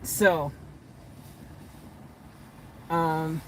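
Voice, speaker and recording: A woman's voice: deep voice, steady tone, very slow, a little hiss or hum. A young woman vlogging casually from inside a van, giddy and laughing in disbelief as she rehearses what to say. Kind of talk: excited casual vlog chat.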